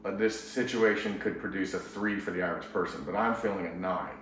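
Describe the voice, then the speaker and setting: A man who is a couples therapist, explaining ideas in a relaxed, conversational way and laughing easily. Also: sits low, a little fast, slight background noise. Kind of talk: casual explanatory talk. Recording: echoey room, voice from a distance.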